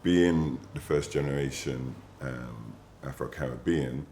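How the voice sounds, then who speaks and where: An English man being interviewed, talking in a measured, musing way with pauses and fillers. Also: extremely low pitch, mellow, roomy sound, a little hiss or hum. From England. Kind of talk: reflective interview talk.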